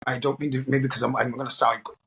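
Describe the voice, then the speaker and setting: A middle-aged man from the Boston area, a guest drag performer, telling animated stories and acting out the voices of the people in them. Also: mid-range voice, quick pace, a little hiss or hum. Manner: animated storyteller, acts out quoted voices. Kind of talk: storytelling interview.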